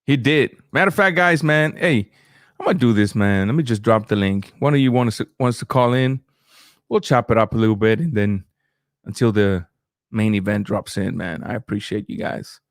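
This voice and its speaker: A man's voice: on the low side, normal speed, no room sound, clean studio sound. A man hosting a casual live stream, reacting to boxing and chatting with viewers as he reads their comments.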